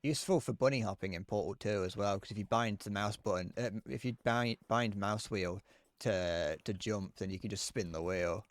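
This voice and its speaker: With a fairly low voice at normal speed, a man chats through a gaming live stream, rambling, swearing and stammering as he restarts his sentences. There's no echo on the recording.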